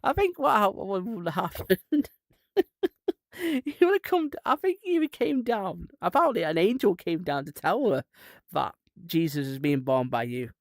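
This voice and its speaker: A man's voice: high-pitched, big pitch swings, normal speed, dry recording, studio quality. A man, a streamer rambling irreverently in casual chat and laughing at his own jokes.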